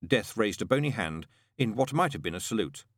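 A man narrating a novel as an audiobook in a measured, expressive storytelling manner. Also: on the low side, no echo, clean studio sound.

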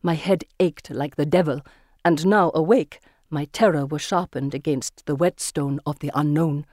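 An audiobook narrator reading a first-person story in a measured, vivid storytelling manner on a close mic. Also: medium pitch, darkish tone, no room sound.

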